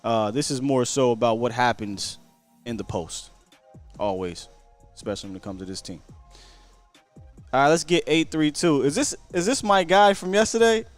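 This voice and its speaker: A man's voice: medium pitch, lively intonation, normal speed, long pauses, soft background music. A man hosting a live call-in sports talk show, talking energetically in casual slang with stammering restarts. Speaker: host.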